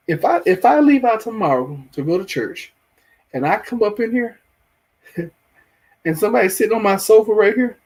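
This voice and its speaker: A man's voice: high-pitched, a little mellow, slightly rough. A man with a Southern US accent hosting a casual live chat, rambling and restarting his phrases as he reacts to viewers. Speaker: livestream show host.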